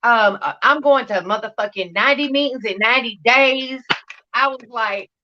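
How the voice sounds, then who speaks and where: A woman's voice: a little high, normal speed, lo-fi sound, background noise. A woman telling her recovery story in a livestream interview, blunt and profane, acting out scenes as she talks. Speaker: guest sharing recovery story.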